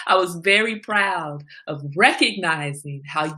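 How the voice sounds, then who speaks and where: A woman's voice: lowish voice, moderate pace. A woman hosting a livestream, chatting casually with her viewers and telling candid stories with frequent laughter. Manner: animated storytelling with frequent laughter; candid, confiding. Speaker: livestream host.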